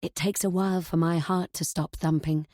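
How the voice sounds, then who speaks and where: A woman's voice: on the low side, fairly even intonation, moderate pace, darkish tone, no room sound, clean studio sound. A woman reading a first-person thriller audiobook in a tense, confiding way. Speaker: audiobook narrator.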